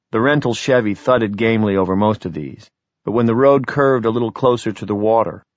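Male audiobook narrator, steady and wry; dry, slightly lo-fi sound. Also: fairly low pitch, dry recording. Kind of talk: scripted narration. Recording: slightly dull, lo-fi recording.

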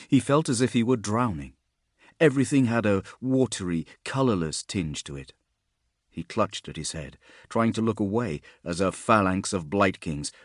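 A man reading fantasy fiction aloud in a steady, measured narration. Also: low voice, dry recording, studio quality. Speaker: audiobook narrator.

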